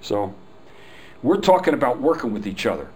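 A man's voice: mid-range voice, very animated, moderate pace, warm tone, a little hiss or hum, poor audio. An older man giving a live customer service training talk, telling folksy stories and acting out the quoted dialogue. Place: hotel meeting room.

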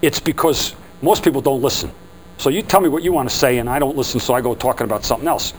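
A man leading a sales training seminar for a group, lively and acting out customer quotes. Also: mid-range voice, fast talker, slight background noise, poor audio. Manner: animated, acts out customer quotes.

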